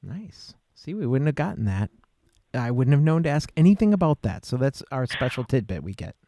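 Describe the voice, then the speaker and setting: Casual podcast host, bouncy voice, dry mic, quick little replies. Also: medium pitch, very animated, warm tone, no echo. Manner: short encouraging replies and questions.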